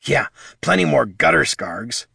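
A man's voice: high voice, wildly swooping pitch, normal speed, creaky, pushed and bright, slightly rough, dry recording, studio quality, voice pushed up, full character voice. A man voicing a snide male kobold with dyed fur, sneering and muttering.

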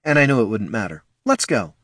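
A man's voice: on the low side, sing-song, brisk, a bit bright, husky, no echo, studio quality, heavily acted. A man voicing a confident female elf ranger who coaxes and persuades. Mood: persuasive. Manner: coaxing, persuasive, sure of herself.

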